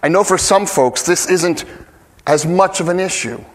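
A man's voice: high voice, moderate pace. A man preaching a sermon as a pastor, earnest and emphatic, often restarting his phrases.

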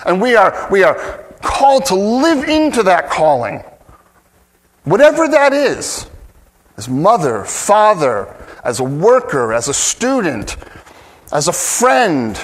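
A man with a fairly high voice preaches a sermon at an unhurried, deliberate pace. He is earnest and emphatic, often starting a phrase, breaking off and trying again. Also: sing-song. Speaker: pastor.

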